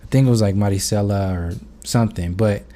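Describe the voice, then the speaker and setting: A man's voice: lowish voice, fairly quick, warm tone. A man talking off the cuff to camera, rambling with many fillers and restarts and swearing freely. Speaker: video blogger. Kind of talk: unscripted monologue.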